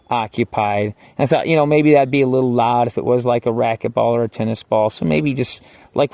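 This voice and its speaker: A man's voice: lowish voice, gravelly. A man casually recounting his own time in jail, rambling, profane and wry, with lots of filler words. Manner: rambling and profane, full of "like" and "you know"; wry, swings between quiet asides and heated outbursts. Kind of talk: casual spoken personal story.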